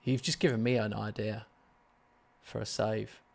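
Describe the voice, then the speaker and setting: A man's voice: lowish voice, little pitch movement, a little slow, gravelly. A man hosting a gaming live stream, chatting casually and rambling in a self-mocking way while answering viewers.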